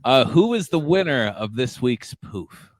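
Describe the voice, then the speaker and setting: A man's voice: medium pitch, sing-song, a little slow, no echo, clean studio sound. A man chatting casually on a livestream, laid-back.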